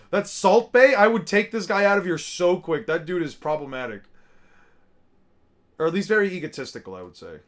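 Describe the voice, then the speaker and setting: A man's voice: a little high, animated, fairly quick, fairly bright tone. A man giving casual, profane commentary, muttering names and reactions as he looks over a crowded picture. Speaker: streamer reacting to artwork.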